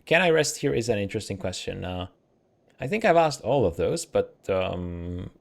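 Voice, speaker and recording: A man's voice: on the low side, sing-song, moderate pace, creaky. A man casually commenting while playing a story game, rambling and chatty. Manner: chatty, rambling, restarts and fillers. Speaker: let's play host.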